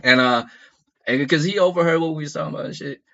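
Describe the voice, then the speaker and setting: A man's voice: fairly high pitch, fast, creaky, pushed and bright, lo-fi sound. A man telling a rambling, profane story in a casual comedic way, often asking the listeners whether they follow. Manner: rambling, profane, laughs at his own story.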